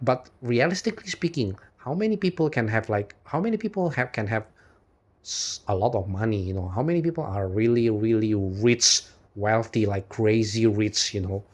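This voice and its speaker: A man with a lowish voice talks straight to his viewers in a loose, rambling monologue. He circles back on himself, repeats words and leans on "you know" constantly. Frustration slips out as swearing, followed by quick apologies and short laughs. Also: a little mellow. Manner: rambling, heavy use of "you know", frequent restarts; laughs between points. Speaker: video host. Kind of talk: unscripted philosophical monologue to camera.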